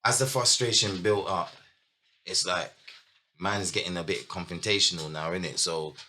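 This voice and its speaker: A man's voice: low voice, steady tone, normal speed, bright, forceful tone, slight background noise. A man, a guest in a casual interview, talking bluntly and swearing freely when heated. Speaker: guest, former group member.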